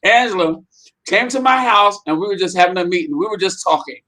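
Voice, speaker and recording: A man hosting a talk show, chatting casually and bursting into loud, excited exclamations. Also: sits high, brisk. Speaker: host. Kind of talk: casual chat.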